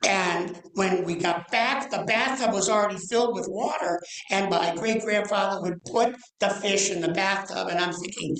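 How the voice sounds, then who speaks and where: A man in his sixties, a guest rabbi giving a storytelling sermon, animated and slowing into drawn-out dramatic pauses. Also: high voice. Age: 60s. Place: church sanctuary. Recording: roomy church echo.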